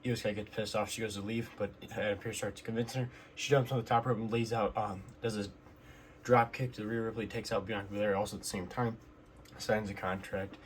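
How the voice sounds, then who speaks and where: A man talks through the week's wrestling in a casual, rambling way, dropping fillers and blunt opinions as he goes. His voice sits low and stays flat, with little rise or fall. A faint hiss runs under the recording. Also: fairly quick. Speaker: wrestling recap host. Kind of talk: casual recap commentary.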